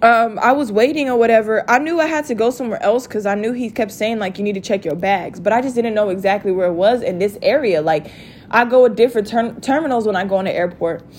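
A young woman telling a story to her viewers in a casual rant, profane and animated. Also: medium pitch, fast, slight background noise. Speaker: vlogger.

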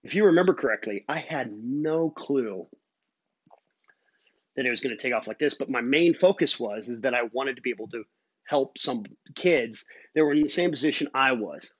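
A man with a mid-range, expressive voice and a breathy edge hosts his own podcast, speaking at a moderate pace. He tells stories earnestly and ramblingly, full of fillers, in a casual solo monologue. The lo-fi recording has no echo.

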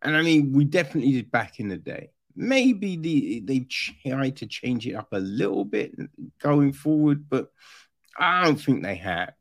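A man talks through a film in a loose, profane review. His pitch swings widely and he takes his time. He often slips into mimicking characters. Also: measured pace. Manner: animated, swears often, mimics characters in a high voice. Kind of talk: casual film review monologue.

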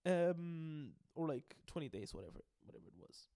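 A man's voice: on the high side, big pitch swings, moderate pace, warm tone, smooth, no room sound, clean studio sound. A young man rambling through a casual story recap, restarting often, swearing and laughing as he goes. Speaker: video host.

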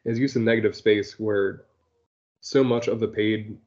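A man co-hosting a casual podcast chat, talking haltingly with many "like"s and restarts. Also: fairly low pitch, steady tone, darkish tone, muffled recording. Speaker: podcast co-host.

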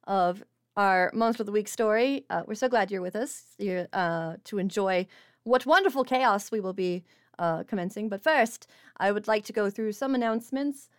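A woman's voice: medium pitch, normal speed, clear, resonant tone. A woman hosting a tabletop game stream as its game master, chatty and stumbling over her words. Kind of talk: tabletop stream intro and announcements.

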